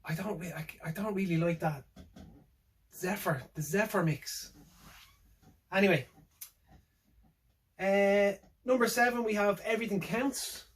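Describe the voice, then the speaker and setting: In a low-quality recording, a music fan with a high voice reacts alone to a tour setlist at a measured pace, leaving long pauses. This casual vlog has him rambling hesitantly through fillers and restarts, wryly chuckling to himself.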